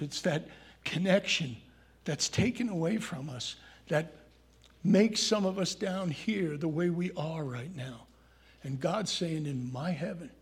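Guy preaching a chatty sermon, kinda husky, pretty high voice for a man, talks right to the folks in the pews. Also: darkish tone. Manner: folksy, conversational preaching with asides to the congregation. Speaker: pastor.

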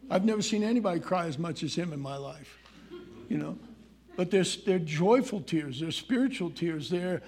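A pastor delivers a folksy, conversational sermon, reading scripture and putting questions to his congregation. His male voice sits high, with a darkish tone and a breathy edge.

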